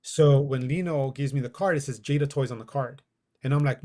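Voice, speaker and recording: Man telling a story with animated dialogue. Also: medium pitch, brisk. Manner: animated, acts out quoted dialogue, laughs while telling. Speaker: guest. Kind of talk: casual storytelling.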